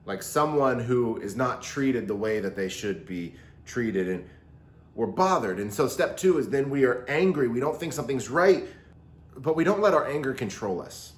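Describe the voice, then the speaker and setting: A man teaching a recorded Bible lesson to teenagers, talking in a lively way and acting out quotes in different voices. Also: mid-range voice. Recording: roomy echo.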